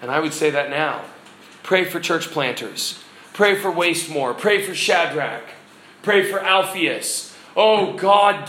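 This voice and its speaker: A man's voice: fairly high pitch, bright, forceful tone, echoey room, slight background noise, rough recording. A man preaching a sermon as pastor, earnest and exhorting, putting questions to the congregation.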